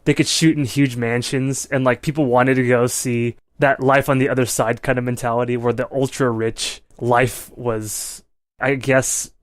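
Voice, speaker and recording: On a clean, dry studio recording, a man speaks at a moderate pace in a mid-range voice with little pitch movement. He's a podcast co-host casually reviewing movies, drifting through long, loose passages filled with "like" and "you know."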